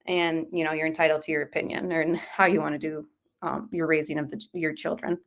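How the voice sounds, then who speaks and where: A woman's voice: low voice, level tone, fairly quick. A woman hosting a true crime livestream, talking casually and rambling with many fillers and hedges.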